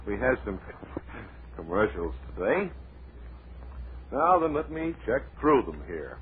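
A man hosting a comedy radio show in a deadpan, rambling, mock-serious way, heard on a tinny old radio recording with light hiss. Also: lowish voice, takes it slowly, long pauses. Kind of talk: deadpan comic radio patter.

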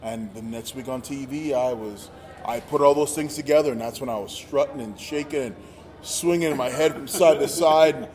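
A man telling a story in casual chat, acting out quotes with animated energy. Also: mid-range voice, moderate pace. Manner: animated, acts out quotes loudly. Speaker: podcast guest, former wrestler. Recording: roomy with long reverb and faint noise.

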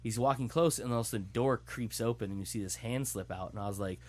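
Animated man swearing through a story. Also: lowish voice, fast. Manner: animated, profane storytelling, acting out quotes. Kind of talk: casual chat, retelling a movie plot.

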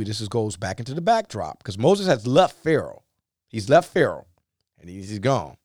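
Animated folksy preacher, dry close sound. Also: male voice, mid-range voice, normal speed, no echo. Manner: animated, folksy, acts out biblical dialogue. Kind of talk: sermon.

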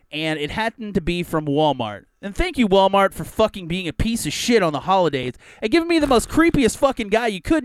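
Podcast co-host, man, high and animated, crude rambling storyteller. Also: dry recording, clean studio sound. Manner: profane, rambling, lively. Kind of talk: casual comedic storytelling.

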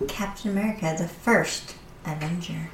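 A woman co-hosting a podcast in casual chat, emotional and quick to exclaim. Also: on the low side, roomy sound, a little hiss or hum. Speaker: podcast co-host.

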